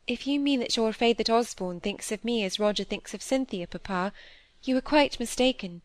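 Young woman, earnest, soft, heartfelt, woman narrator putting her on, fairly high voice, dry sound. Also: moderate pace, no room sound, lightly acted. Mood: tender. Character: earnest tearful young woman, a doctor's daughter. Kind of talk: audiobook character reading.

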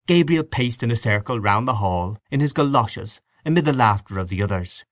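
A man narrating a classic story in a measured, expressive reading. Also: medium pitch, dry recording, studio quality.

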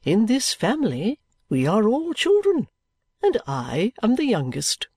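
Woman doing airy storybook gentleman, whimsical, childlike, swooping lively voice, dry close recording. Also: mid-range voice, unhurried, slightly rough, no room sound, full character voice. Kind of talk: audiobook reading.

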